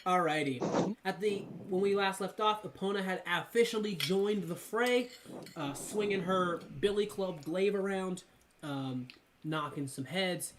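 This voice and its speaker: Rambling game master, full of ums. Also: male voice, high voice, a little slow, crowd noise. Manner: loose and chatty, lots of ums and uhs, breaks into laughter. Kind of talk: narrating a tabletop game.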